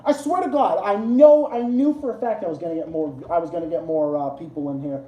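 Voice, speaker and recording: A man's voice: a little high, brisk, muffled recording. A man hosting a casual livestream, rambling and swearing, often laughing at his own jokes. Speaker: livestream host. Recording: roomy echo.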